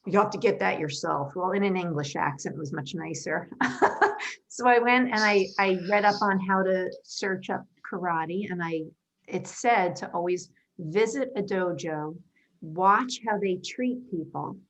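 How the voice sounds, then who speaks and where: Thoughtful woman guest, slightly low voice. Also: measured pace, low-quality recording. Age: 50s. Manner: thoughtful, earnest, explains at length. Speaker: interview guest, designer and karate black belt. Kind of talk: conversational interview answers.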